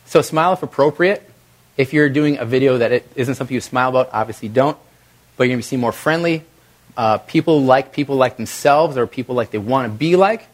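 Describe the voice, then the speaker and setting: A middle-aged man leads a live workshop and coaches the room with direct, energetic delivery. His voice sits at an ordinary pitch. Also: a little fast. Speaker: video presentation trainer. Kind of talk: live workshop talk to an audience.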